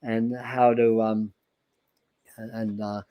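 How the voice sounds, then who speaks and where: A man's voice: lowish voice, level tone, very slow, lo-fi sound. A man hosting a tarot livestream in casual chat, rambling with many restarts and repeated words. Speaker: tarot reader and livestream host.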